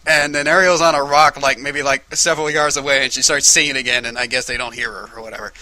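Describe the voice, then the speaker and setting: A man's voice: medium pitch, steady tone, quick pace, bright, forceful tone, dry recording, rough recording. A man rambling through a crude, profane movie recap, full of "like" and swearing. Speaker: comedic film summarizer.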